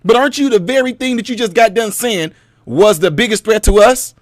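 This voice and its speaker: A man holds forth in a casual commentary monologue, his voice sitting high and lively. He preaches, tells stories and pokes at his audience with rhetorical questions, sometimes dropping into mocking impressions. The sound is close and dry, with no room around it. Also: brisk, dry recording. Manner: animated, mocking put-on voices. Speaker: commentary channel host.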